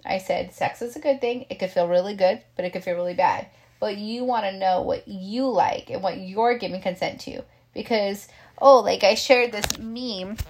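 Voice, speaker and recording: A woman's voice: mid-range voice, normal speed. Chatty middle-aged woman, caregiver, casual and filler-heavy, mid-range voice. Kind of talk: casual talk.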